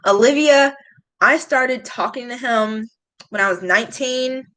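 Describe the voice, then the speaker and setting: A woman's voice: a little high, measured pace, a bit bright, low-quality recording. A woman, chatting casually and confiding in viewers on a live stream. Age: late 20s. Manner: emotional, confiding, talks straight to chat. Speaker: YouTube beauty vlogger.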